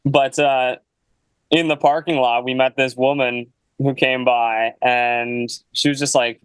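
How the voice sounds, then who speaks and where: A man's voice: mid-range voice, level tone, unhurried, clear, resonant tone, no echo, low-quality recording. A young man, a guest musician, telling a casual story in a laid-back way, full of "like" and "you know.". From Canada.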